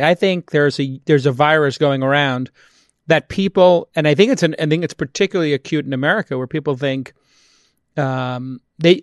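A man from Brooklyn hosting a podcast, giving emphatic, animated opinions in casual interview talk. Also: a little high, dry recording, clean studio sound. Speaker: podcast host. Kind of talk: casual interview and host-read ad.

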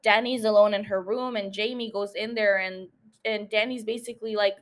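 A woman's voice: mid-range voice, steady tone, moderate pace. A young adult woman hosting a solo podcast, rambling casually, swearing and laughing at herself. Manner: rambling, self-mocking, swears freely, frequent laughs. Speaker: podcast host.

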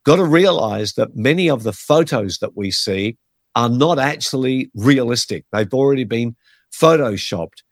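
A man's voice: medium pitch, animated, moderate pace, no echo, clean studio sound. A man, a pastor teaching in a conversational, earnest way and giving numbered points. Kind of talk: podcast teaching on faith and health.

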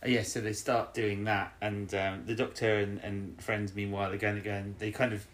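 Young male podcast co-host, casual recap, animated, slips into character voices. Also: lowish voice, brisk.

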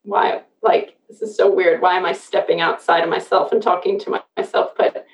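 A woman hosting a casual podcast conversation, chatty and quick to laugh, often restarting her sentences. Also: on the low side, steady tone. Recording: roomy, distant, dull sound.

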